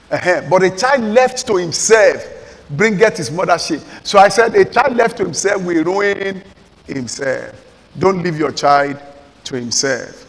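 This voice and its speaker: A Nigerian pastor with a notably high-pitched male voice, delivering an emphatic sermon that swings between forceful exhortation and quiet pleading. His voice rings out with the long reverb of a big church hall.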